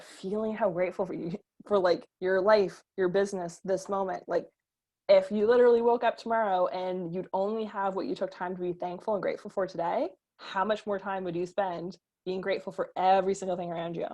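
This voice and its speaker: A woman's voice: medium pitch, fairly even intonation, a little fast, dark tone. A young adult woman business coach teaching a casual online lesson, chatty and filler-heavy, swearing casually.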